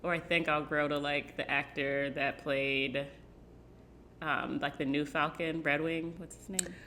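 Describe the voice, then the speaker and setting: A woman's voice: sits low, steady tone, measured pace, sharp tone, a little hiss or hum. A woman co-hosting a podcast in a loose, chatty way, with plenty of "like" fillers between her thoughts. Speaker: podcast co-host. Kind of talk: casual chat.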